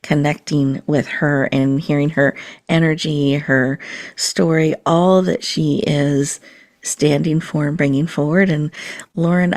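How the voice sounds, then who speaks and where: A woman hosting a podcast, leading listeners through a slow, soothing mindfulness and breathing exercise. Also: low-pitched, darkish tone. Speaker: podcast host.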